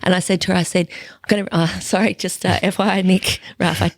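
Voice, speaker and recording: On a podcast she co-hosts, an Australian woman chats casually and fast in a fairly low, level voice, laughing and swearing now and then. The recording is clean studio sound without room noise.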